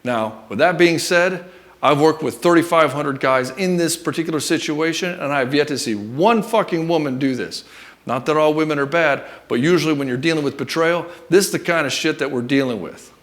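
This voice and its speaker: A man's voice: a little high, fairly quick, a bit bright. A male relationship coach giving blunt, profane advice straight to the listener, calling him brother and not mincing words. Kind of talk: direct-to-camera advice monologue.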